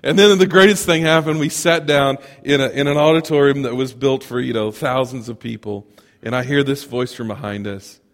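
Animated preacher in a reverberant hall. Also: male voice, mid-range voice, brisk. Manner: animated, chuckling asides, asks the congregation questions. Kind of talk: storytelling sermon. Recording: long reverb of a large hall.

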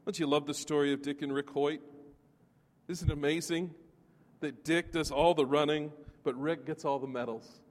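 A man's voice: on the high side, steady tone, normal speed. Fervent preacher man in an echoing hall. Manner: emphatic, asks the congregation questions. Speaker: pastor. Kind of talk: sermon.

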